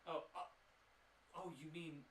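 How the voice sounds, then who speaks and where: A man voicing a lonely, eccentric male village shopkeeper who jokes and talks theatrically in a tabletop game. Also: slow. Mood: playful. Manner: high excited voice, joking and theatrical. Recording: echoey room, mic at a distance.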